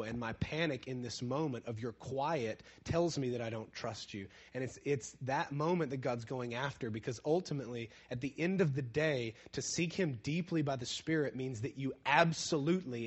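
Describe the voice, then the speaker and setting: A man preaching a conversational sermon who asks his listeners questions, drops to a hush and then builds to emphatic points. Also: mid-range voice, moderate pace, husky. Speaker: pastor.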